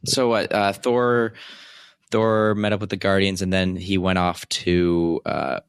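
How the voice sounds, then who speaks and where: A young man with a low, deep voice chats hesitantly about a movie, stopping often to search for words. His voice is recorded dry, with no room sound. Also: fairly even intonation, smooth, no room sound. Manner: hesitant, halting, frequent fillers. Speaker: podcast co-host. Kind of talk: casual movie review chat.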